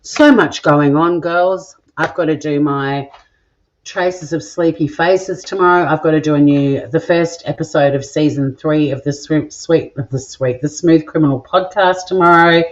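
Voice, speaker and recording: A woman's voice: deep voice, a little slow, dull audio. A woman chatting casually through a cooking vlog in her home kitchen, rambling and self-deprecating as she goes. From Australia. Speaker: cooking vlogger.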